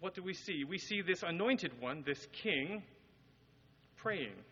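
A man's voice: on the high side, animated, slow, sharp tone, husky. Preaching man in a reverberant hall. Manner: earnest, explanatory, quotes scripture with rising emphasis. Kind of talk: sermon. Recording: dull audio with long hall reverb.

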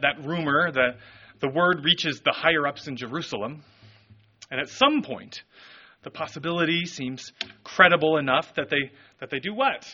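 A man preaching a sermon, telling the story in an animated, expressive way. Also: fairly high pitch, slightly rough, dull audio. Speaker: pastor.

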